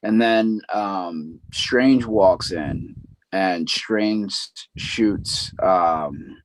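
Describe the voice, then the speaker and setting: A man's voice: deep voice, drawn-out words, slight background noise, low-quality recording. A man co-hosting a podcast, casually retelling a story with many fillers and asides. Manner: rambling plot recap with many fillers. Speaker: podcast co-host. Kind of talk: casual chat.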